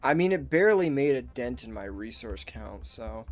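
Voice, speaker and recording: A man's voice: mid-range voice, very animated, normal speed. A man giving casual gameplay commentary, laid-back, swearing and saying bro. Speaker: gamer.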